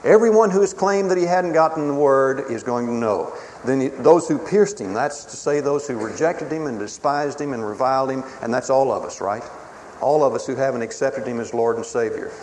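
A man preaching a sermon in a dramatic, emphatic way, swinging between booming declarations and hushed pleas. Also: a little fast. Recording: reverberant hall with faint ambient noise.

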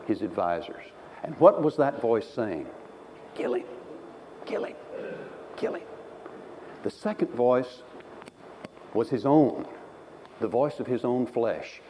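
A man preaching a sermon, telling the story with lively, animated delivery and acting out the voices. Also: mid-range voice, slight background noise. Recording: dull sound in a reverberant hall.

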